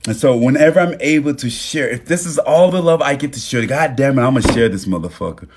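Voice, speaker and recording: A man's voice: mid-range voice, lively intonation, fairly quick, background noise. A man hosting a phone live stream, speaking casually and emotionally, swearing freely and thanking viewers by name. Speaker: livestream host.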